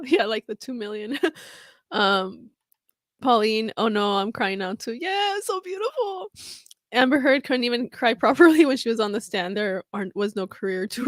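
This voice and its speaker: Young female vlogger, bright higher register, dry close mic, chatty and emotional, quick to laugh and tear up. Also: no echo. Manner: gushing, chatty, laughing and teary. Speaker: comedy vlogger reacting to news footage. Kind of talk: casual reaction commentary.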